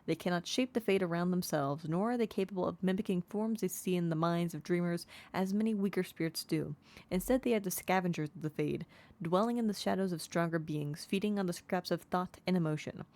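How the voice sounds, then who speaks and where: A woman's voice: on the low side, a little fast, a little mellow. A woman streaming a game, chatting casually and reading in-game text aloud, sounding out unfamiliar words as she goes.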